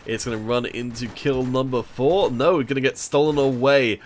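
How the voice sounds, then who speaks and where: Between plays of a live online shooter tournament, a man casting the event reads viewers' chat messages out loud and trades jokes with them in a chatty style. He has a mid-range, steady voice at a moderate pace, with slight background noise.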